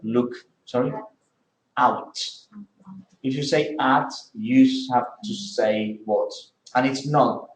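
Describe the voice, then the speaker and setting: Man, English teacher, unhurried, roomy classroom echo. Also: mid-range voice. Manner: models pronunciation by repeating words, questioning students. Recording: echoey classroom.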